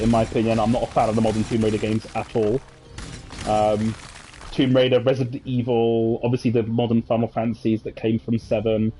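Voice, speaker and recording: A man's voice: fairly low pitch, dark tone, a little hiss or hum. A man, chatting casually and reminiscing over gameplay with many fillers and asides. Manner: rambling, nostalgic storytelling with many fillers. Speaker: gaming channel host.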